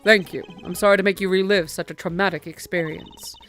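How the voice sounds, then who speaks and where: Woman voicing a calm, formal male defense attorney; courteous, measured read. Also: on the low side, soft background music, close to an everyday voice.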